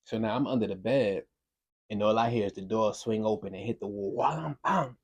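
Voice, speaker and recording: A young man from Brooklyn, telling a wild story on a podcast in a casual, profane, animated way. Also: fairly low pitch, fairly quick. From Brooklyn, New York. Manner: animated, profane, acts out voices in quotes.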